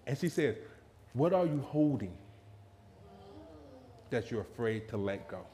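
A man preaching a lively sermon, telling a personal story and acting out quotes with laughter. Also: medium pitch, measured pace, a little hiss or hum. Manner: animated, laughing, acts out quotes in a raised voice.

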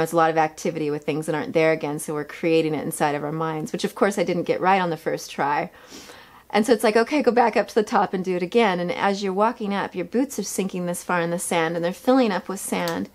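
A middle-aged actress telling lively behind-the-scenes stories in a casual interview, laughing often and acting out what people said. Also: female voice, fairly low pitch, fast talker. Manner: animated, laughs often, acts out quotes.

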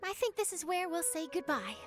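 A woman voicing a brisk, friendly young female news reporter in a game. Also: very high-pitched, very animated. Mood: upbeat. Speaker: journalist. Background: game music.

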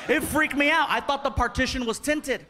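A male comedian telling a story on stage, animated and acting out the dialogue, recorded live over audience laughter and noise. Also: very high voice, moderate pace. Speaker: stand-up comedian. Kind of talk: stand-up storytelling.

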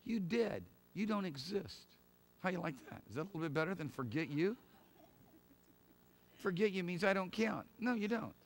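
A middle-aged male pastor giving a sermon in an emphatic, conversational way, with laughs and quick asides. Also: high voice, lively intonation, a little hiss or hum.

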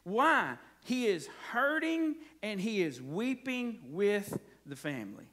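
A man's voice: sits high, sing-song, slow pace, fairly bright tone. A man preaching a folksy, conversational sermon, often checking in with his congregation. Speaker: pastor.

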